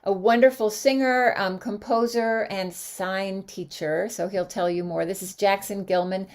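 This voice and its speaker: This host of an online sing-along show has a mid-range voice and an unhurried delivery. With bright, animated cheer she welcomes viewers by name, listing them off as she chats casually and warmly.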